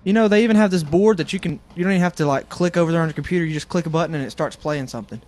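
A man's voice: fairly high pitch, very fast, a little mellow. A man co-hosting a casual comedic radio show, rambling through self-deprecating stories.

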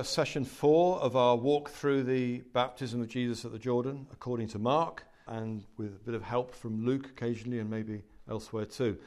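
A man's voice: on the low side, darkish tone. A man giving a conversational Bible teaching talk on a podcast, using rhetorical questions and emphatic asides.

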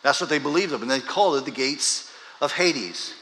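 Male pastor, bright tone, chatty sermon with big emphatic builds, long hall reverb. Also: mid-range voice, moderate pace. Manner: animated, swings from quiet storytelling to loud emphatic peaks. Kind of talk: conversational sermon.

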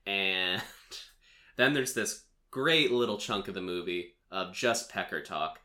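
Bright-voiced man rambling casually. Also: deep voice, takes it slowly. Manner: chatty, rambling, full of filler "like"s and laughs. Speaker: podcast host recapping a film. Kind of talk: casual chat.

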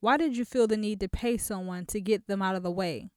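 A woman's voice: medium pitch, a little fast, clear, resonant tone, no echo, clean studio sound, lightly acted. A woman voicing a hurt, bitter young wife confronting her husband, in an audiobook.

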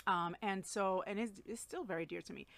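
A woman's voice: mid-range voice, a little fast, vocal fry, no echo. A woman shares a personal devotional talk as a Christian teacher. She speaks earnestly and casually, with frequent fillers and false starts. Her voice sits mid-range and the recording is dry and close.

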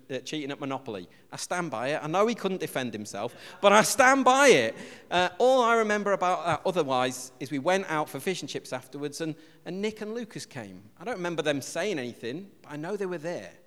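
A man preaches to his congregation in an easy, conversational way, slipping in self-deprecating jokes. His voice sits a little higher than most men's. The sound carries a long reverberant tail from the church hall around him. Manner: chatty, self-deprecating humour. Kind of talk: conversational sermon.

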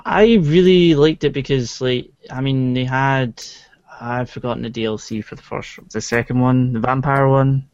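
A man's voice: mid-range voice, steady tone, normal speed, darkish tone, natural voice. A man putting on a mock Scottish game hero. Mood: playful. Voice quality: mock Scottish accent, playful. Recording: dull, dry lo-fi audio.

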